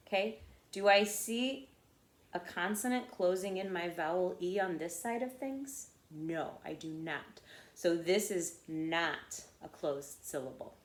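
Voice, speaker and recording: A woman teaches young children to read, speaking slowly and patiently in a slightly low voice. She keeps checking in with little "okay?"s and "right?"s. The sound carries the echo of a bare room. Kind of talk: phonics lesson for children.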